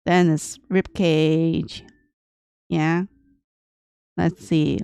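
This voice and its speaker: A woman artist thinking aloud as she draws on a livestream, talking in a deliberately aged, grandma-like voice in short, broken phrases. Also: sits low, little pitch movement, creaky, warm tone, clear, resonant tone, dry recording, studio quality. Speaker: artist streaming her drawing process. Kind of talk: casual livestream commentary while drawing.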